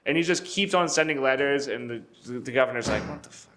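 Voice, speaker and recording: A man's voice: medium pitch, quick pace, pushed and bright. A young man on a casual podcast recounts history in a loose, joking way. He swears freely, acts out the figures in goofy voices and laughs often. His sentences are full of fillers and restarts. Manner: loose and profane, acts out quotes in jokey voices. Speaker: podcast co-host.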